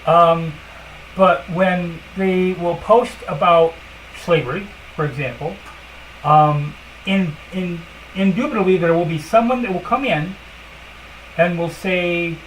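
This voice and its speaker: A woman's voice: on the low side, slow pace, a little hiss or hum, poor audio. A woman hosting a casual livestream, talking bluntly and emphatically with lots of fillers and asides at her computer. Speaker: livestream host.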